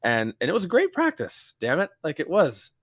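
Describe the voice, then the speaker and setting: A man co-hosting a podcast in casual chat, telling stories in an animated way with lots of restarts and fillers. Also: on the high side, normal speed, no echo, clean studio sound. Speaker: podcast co-host.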